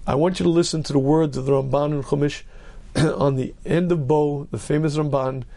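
Brief: rabbi, lecture voice, gravelly and dark, emphatic. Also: male voice, a little high, steady tone, a little fast. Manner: earnest, emphatic, repeats key phrases; clears throat often. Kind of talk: Torah lecture.

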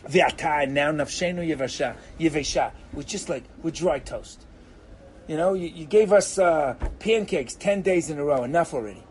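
A man teaching an animated Torah class, theatrical, acting out characters and sprinkling in Hebrew phrases. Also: fairly high pitch, normal speed, few pauses, slight background noise, poor audio.

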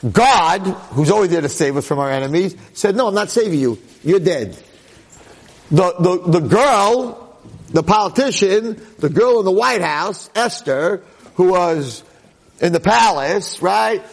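Male rabbi lecturer, slightly raised pitch; conversational storyteller with dramatic swings from quiet to loud. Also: unhurried, gravelly. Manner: dramatic, swings from hushed to excited exclamations; conversational, with frequent asides.

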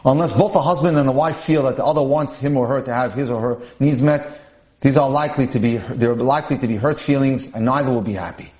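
A man reading a personal story aloud and adding his own earnest, measured commentary on marriage. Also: mid-range voice, a little mellow, roomy sound. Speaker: speaker on marriage.

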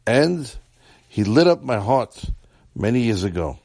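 A man's voice: mid-range voice, very animated, measured pace, darkish tone, no room sound. A man voicing an old man with a long white beard, speaking earnestly.

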